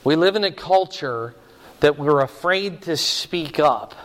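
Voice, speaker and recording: A man preaching a sermon in an earnest, emphatic way, slowing down to stress key words. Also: a little high, expressive. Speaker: pastor. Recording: reverberant hall.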